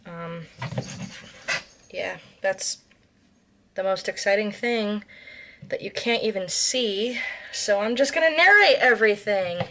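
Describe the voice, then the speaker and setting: A woman's voice: medium pitch, expressive, slow pace, long pauses, pushed and bright. An American woman chatting casually in a cooking vlog, rambling with lots of ums and self-corrections. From United States. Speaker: vlogger.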